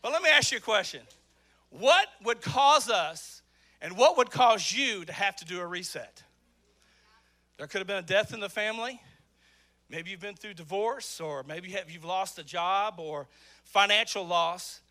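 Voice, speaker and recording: A man preaching an energetic sermon to a church congregation, often shouting. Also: high voice, normal speed. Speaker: pastor. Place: church sanctuary with live congregation.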